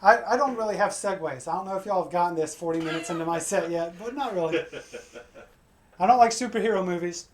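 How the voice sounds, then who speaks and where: A man doing a stand-up comedy set, crude and energetic, breaking into acted-out voices for his punchlines. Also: high voice, fast, slight background noise. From Pacific Northwest of the USA. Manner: crude, energetic joke delivery with acted-out quotes.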